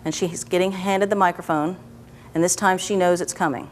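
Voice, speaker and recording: A woman with a slightly low voice leads a guided therapy session, coaxing her client along with soft questions and frequent check-ins. A faint hiss sits under the recording. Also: fairly even intonation, brisk. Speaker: EFT practitioner.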